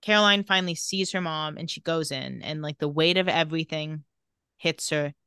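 A woman co-hosting a casual podcast, walking through the scenes of an episode and reading out the characters' lines as she goes. Her voice is bright and forceful, set a little low for a woman, and it sounds dry and close to the mic. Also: normal speed, clean tone, no echo. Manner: animated retelling with quoted dialogue. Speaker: podcast co-host recapping a TV episode. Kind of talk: casual chat, retelling scenes.

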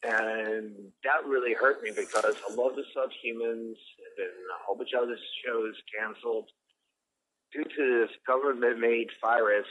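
A man's voice: mid-range voice, fairly even intonation, moderate pace, fairly bright tone. A man chatting casually, telling rambling stories and swearing a lot, as a podcast guest. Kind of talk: casual chat. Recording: dull lo-fi sound with faint noise.

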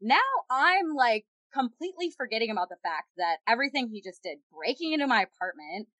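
A woman telling a personal story in casual chat, animated and peppered with "like". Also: on the high side, fairly quick, dry recording, dull audio. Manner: animated, heavy use of "like".

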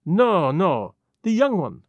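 A fussy Belgian detective, as voiced by a man in an audiobook, with a high voice that rises and falls a lot. He speaks slowly and deliberately, and the recording is dry and close. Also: big pitch swings, dry recording, muffled recording, exaggerated voice. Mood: probing. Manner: measured, deliberate questioning. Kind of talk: audiobook character voice.

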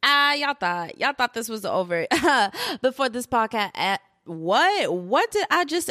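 A woman's voice: a little high, sing-song, unhurried, hardly any pauses, sharp tone. Chatty young woman podcasting solo. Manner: chatty and rambling, laughing at herself, lots of "like" and "y'all". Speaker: podcast host. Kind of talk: casual solo podcast chat. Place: under a blanket at home to cut echo.

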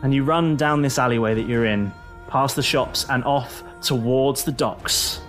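A man's voice: medium pitch, moderate pace, a bit bright, soft background music. A man running a tabletop role-playing game as game master, narrating scenes in a dramatic, descriptive way and repeating words for effect.

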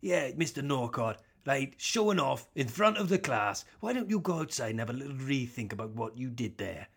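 A man's voice: medium pitch, big pitch swings, moderate pace, gravelly, fairly bright tone, slightly rough, full character voice. A man doing a mock Welsh-accented impression of a patronizing male politician who scolds like a schoolteacher. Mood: scolding. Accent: Welsh, put on.

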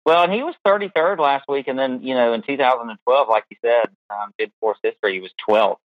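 A man's voice: mid-range voice, fairly quick, dry recording, narrow, tinny audio. A man co-hosting a podcast in casual chat, easygoing and a little hesitant. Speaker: podcast co-host.

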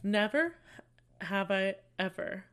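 A woman's voice: medium pitch, animated, slow, a bit bright. A young woman co-hosting a casual chat, a little drunk, telling stories with lots of swearing and laughter. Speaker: podcast co-host.

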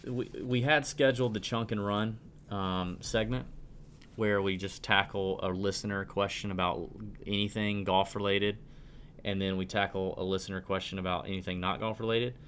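A man's voice: lowish voice, fairly even intonation, normal speed, fairly bright tone, slight background noise. A man in his thirties hosting a casual podcast, ranting with lots of restarts and stumbles. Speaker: podcast host.

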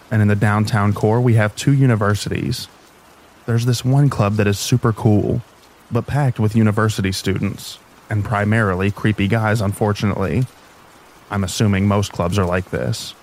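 A man with a fairly low voice reads a story in a soft, steady narrator's style. Rain falls in the background behind him. His delivery stays calm and even throughout. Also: moderate pace, rough recording. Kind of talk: calm scripted narration of sleep stories. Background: rain sounds.

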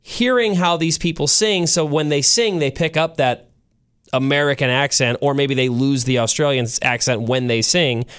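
A man's voice: medium pitch, moderate pace, smooth. Chatty male radio host telling a story. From Kansas City area. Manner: animated storyteller, slips into put-on voices. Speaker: radio morning show host. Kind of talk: casual radio banter.

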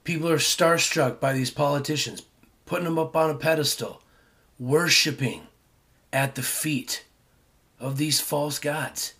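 A man's voice: a little high, unhurried, pushed and bright. A man hosting his own podcast and speaking fervently in a casual monologue. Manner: fervent, agreeing. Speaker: podcast host.

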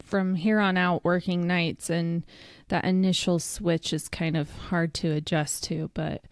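A woman's voice: lowish voice, level tone, measured pace, no room sound. Easygoing woman in dry casual chat. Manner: laughs often, easygoing and blunt. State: a little sleep deprived. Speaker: podcast co-host.

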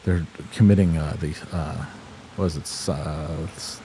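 A man co-hosting a podcast, trading crude deadpan jokes in casual banter and often trailing off mid-sentence. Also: a bass voice, normal speed, slight background noise. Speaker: podcast co-host.

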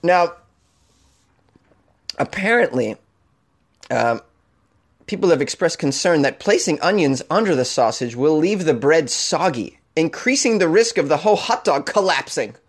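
A man with a fairly high voice hosts a comedy news show. He reads odd stories aloud, then breaks off into jokes and laughter. His delivery is casual and playful throughout. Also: expressive, a little slow, long pauses. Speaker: comedy news podcast host.

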